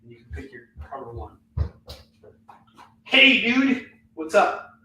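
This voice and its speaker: A middle-aged comic book seller hosts a home livestream sale, joking and talking off the cuff. His mid-range voice has lively intonation and runs a little fast over a noisy background. The recording is roomy and echoey, with the mic somewhat distant.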